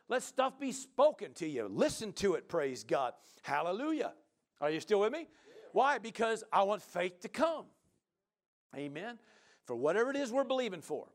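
A man preaching with a high, lively voice that swings widely in pitch. He talks back and forth with the congregation, and his delivery climbs to shouted, exclaiming peaks. His preaching is full of "amen" and "hallelujah.". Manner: chats with the congregation and asks members questions. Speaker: pastor. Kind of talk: sermon.

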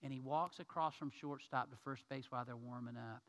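A man preaching a sermon to his congregation, telling a story in a lively way and acting out the people in it. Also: medium pitch, fairly quick. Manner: storytelling, acts out quoted people; addresses congregation as y'all. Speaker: pastor.

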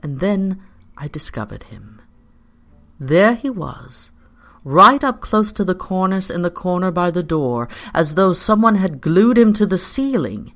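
A storyteller reading a story aloud in the first person, in a measured and expressive way. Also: medium pitch. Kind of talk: scripted narration of a story.

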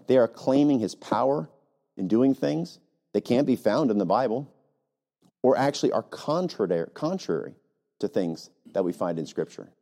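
A male pastor with a mellow, medium-pitched voice preaches a sermon full of emphatic rhetorical questions and frequent "right?" asides. At times he mocks other preachers.

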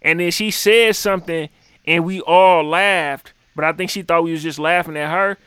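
A man chatting casually, telling animated stories full of profane slang. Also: fairly high pitch, moderate pace, smooth, dry recording. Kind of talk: casual podcast chat.

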